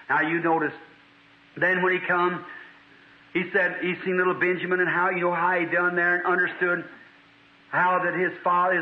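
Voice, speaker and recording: A man preaching a revival sermon, telling a story in a fervent, folksy way. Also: a little high. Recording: tinny archival hall recording.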